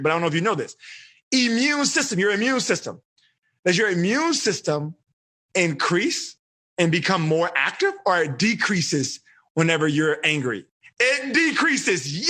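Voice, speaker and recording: A man coaching teenagers in a live seminar, quizzing them with lively questions and explaining in a casual, energetic way. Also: high-pitched. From Texas. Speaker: life coach teaching teens.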